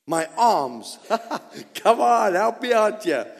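A man preaches to his congregation, his high voice leaping up and down as he exhorts them. He speaks slowly and deliberately. The sound carries a long reverb from the church hall. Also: sing-song, vocal fry. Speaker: pastor. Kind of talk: sermon. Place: church sanctuary.

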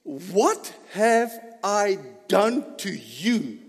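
A preacher voicing a plaintive talking donkey. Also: male voice, sits high, sing-song, vocal fry, husky, full character voice. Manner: slow and pleading. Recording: echoey church hall reverb.

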